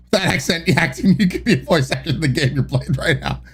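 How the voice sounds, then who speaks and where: Male streamer, casual chat, self-mocking, slow lively delivery. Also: a little high, breathy edge. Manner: wry, self-mocking, sighs and laughs. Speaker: live streamer.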